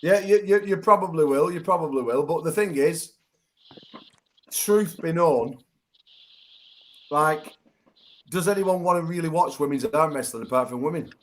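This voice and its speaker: A man hosts a rowdy online chat show over a video call. He teases his guests and swears freely, his voice sitting a little high for a man. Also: normal speed, pauses often. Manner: teasing, swearing, laughing loudly. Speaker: show host.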